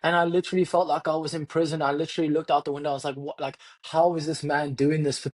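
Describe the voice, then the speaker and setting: A young man co-hosts a podcast in casual chat, his voice slightly high, level in tone and a little mellow. He talks fast, earnestly reflecting and addressing listeners directly.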